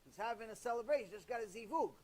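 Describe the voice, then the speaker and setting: A man voicing a sly male tempter spirit that coaxes softly and persuasively. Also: very high-pitched, lively intonation, fast, a little hiss or hum, low-quality recording. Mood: coaxing. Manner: wheedling, persuasive, hushed.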